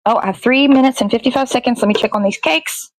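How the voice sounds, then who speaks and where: A woman's voice: a little high, fast, no room sound, low-quality recording. A woman hosting a morning show, chatting casually and rambling to herself as she bakes in her kitchen, swearing freely. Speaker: host. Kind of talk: casual chat while baking. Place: home kitchen.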